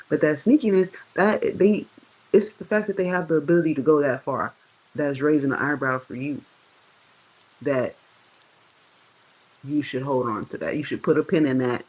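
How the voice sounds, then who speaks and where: In a casual tarot monologue, this reader swears freely, leans on slang, and talks directly to viewers, stretching important words out slowly to give them weight. The pitch is ordinary and mid-range, and the audio quality is poor.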